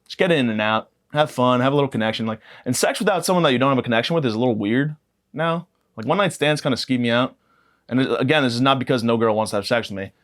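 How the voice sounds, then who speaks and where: A man in his twenties hosting a podcast, delivering a rambling, crude comedic monologue with a self-mocking deadpan. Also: medium pitch, quick pace. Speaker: podcast host.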